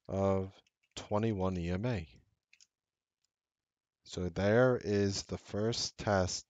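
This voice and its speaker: A man's voice: deep voice, no echo. A man teaching a trading strategy over a chart, stressing key points and repeating them for emphasis. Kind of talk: screen-share trading lesson.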